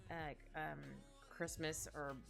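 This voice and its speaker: Here the streamer, a young Canadian woman, speaks slowly in a level, creaky, slightly bright voice as she draws and chats with viewers. She rambles with plenty of fillers and does squeaky voices for quotes, while faint music plays behind her.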